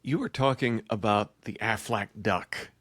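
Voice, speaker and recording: A man's voice: lowish voice, unhurried, fairly bright tone. A man hosting a podcast interview, asking questions in an enthusiastic, conversational way. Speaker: podcast host.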